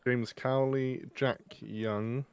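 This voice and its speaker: A man's voice: mid-range voice, fairly even intonation, extremely slow, a little mellow, smooth. A man co-commentating on an online sim race, dry and matter-of-fact. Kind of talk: live esports race commentary.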